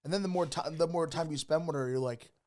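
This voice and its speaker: A young man co-hosting a comedy podcast, full of crude banter and quick jokes. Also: a little high, darkish tone. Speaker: podcast co-host. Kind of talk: casual comedic chat.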